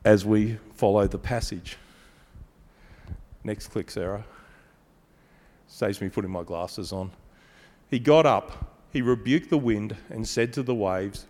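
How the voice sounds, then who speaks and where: A man preaching a sermon, measured and emphatic, slowing down on key phrases and adding dry asides. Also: fairly low pitch, darkish tone. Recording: long reverb of a large hall.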